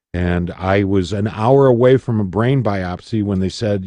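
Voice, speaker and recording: A middle-aged radio man from Michigan with a low, mellow voice, recounting his story in a studio interview. He tells it dramatically, acting out the voices of the people he quotes. The studio mic sounds dry and close. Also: measured pace, few pauses, dry recording. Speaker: radio personality, guest.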